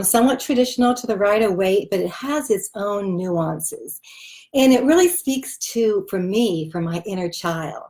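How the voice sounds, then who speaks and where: A woman's voice: medium pitch, darkish tone. Chatty woman showing a tarot deck. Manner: chatty, loose, with many fillers. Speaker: tarot reader. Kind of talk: casual chat showing a deck.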